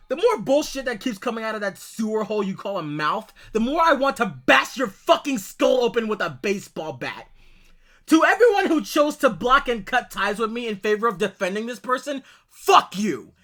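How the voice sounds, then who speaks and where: A creator rants furiously in a profane call-out video, cursing at an ex-partner between screenshots. The voice is sharp and tense, and the pitch leaps up and down with the anger. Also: big pitch swings, moderate pace. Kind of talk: angry call-out monologue over screenshots.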